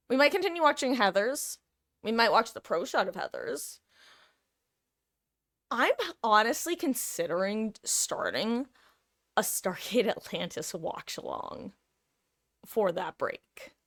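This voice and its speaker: Talking to her chat over a desk mic, a woman live-streamer drifts from one topic to the next, catching herself mid-thought and laughing often between asides. Her voice is ordinary middle pitch and a bit bright, and her manner chatty, rambling, and self-interrupting.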